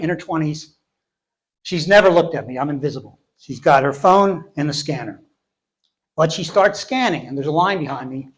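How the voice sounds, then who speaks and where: A middle-aged man telling funny stories on stage, self-deprecating and deadpan, often laughing at his own lines. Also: on the high side. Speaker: storyteller. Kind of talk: live comic storytelling. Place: stage before a live audience.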